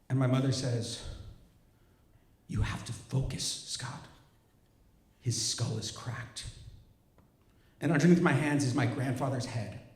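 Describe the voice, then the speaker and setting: A man tells a personal story from a stage, his voice carrying the roomy ring of a hall. His telling is vivid and wry, poking gentle fun at himself, at a middle pitch. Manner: wry, vivid, self-mocking. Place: stage of a cultural center hall.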